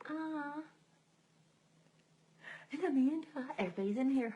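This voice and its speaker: A woman's voice: mid-range voice, very animated, normal speed, pauses often, background noise. A woman hosting a casual live chat, greeting viewers by name and laughing at herself. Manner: self-deprecating, laughs often. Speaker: live stream host.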